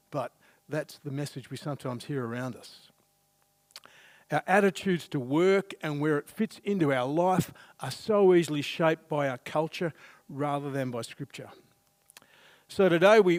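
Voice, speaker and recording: A man's voice: a little high, no echo. A middle-aged man preaching a sermon in a church, telling a funny family story in a chatty, self-deprecating way. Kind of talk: sermon with humorous anecdote.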